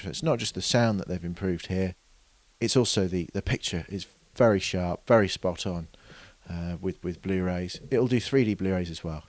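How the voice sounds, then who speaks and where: A man's voice: low-pitched, no echo. A man explaining product features in an unscripted demonstration, hesitant with many fillers and restarts. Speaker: product reviewer.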